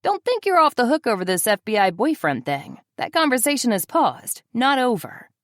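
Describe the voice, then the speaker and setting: A woman's voice: a little high, very animated, normal speed, dry recording, pitched above the performer's own voice. A woman reading the part of a smug young man who teases his partner dryly, in an audiobook. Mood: teasing. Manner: dry teasing.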